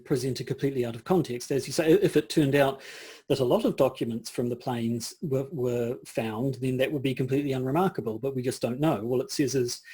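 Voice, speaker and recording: Brief: male podcast co-host, casual rambling chat, mellow husky tone. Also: mid-range voice.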